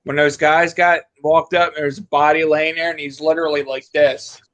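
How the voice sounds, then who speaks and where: A man's voice: fairly high pitch, little pitch movement, normal speed, a bit bright. A man telling a work story in casual chat, bluntly, with lots of "like" and "literally".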